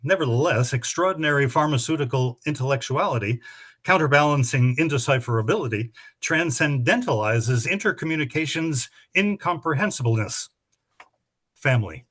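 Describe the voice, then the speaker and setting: A man's voice: a little high, animated, normal speed, a bit bright. A middle-aged man hosting a spelling bee, explaining the rules and reading words and sample sentences with dry, chatty asides.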